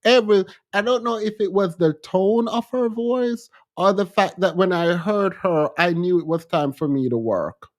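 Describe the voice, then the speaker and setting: A man's voice: high voice, normal speed, few pauses. A man from Jamaica with a Jamaican accent, chatting casually on a livestream and reading out comments, playful and repetitive, often laughing. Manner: animated, playful, repeats himself, laughs often. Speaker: livestream host.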